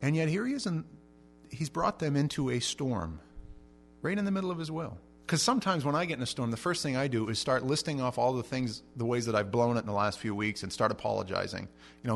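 A middle-aged male pastor preaches in a lively, storytelling way. His voice jumps between loud, raised passages and soft, low asides, and he repeats words as he gets going. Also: a little fast, vocal fry, slight background noise. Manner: animated storytelling with big swings in pitch and loudness; repeats words when starting sentences. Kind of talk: sermon.

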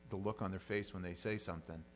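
A middle-aged male pastor delivers a sermon in a chatty, down-to-earth manner. His voice sits a little on the low side, and he slips into the voices of the people he quotes. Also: fairly even intonation, fast, slight background noise. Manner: conversational, plain-spoken, acts out quoted voices.

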